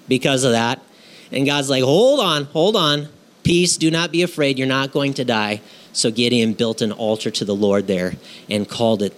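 A man preaching at a middling pitch, talking it through casually and checking in with his listeners with a quick question. He acts out scenes as he goes, sound effects and all. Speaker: pastor. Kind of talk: sermon.

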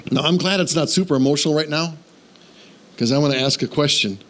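Animated preaching man, storytelling. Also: on the high side, fast talker. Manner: animated storytelling, self-deprecating humor; rises to fervent exhortation. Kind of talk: sermon.

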